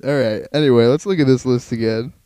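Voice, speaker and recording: A man co-hosting a chat in casual, crude banter, animated and laughing often. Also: mid-range voice, fast, dry recording.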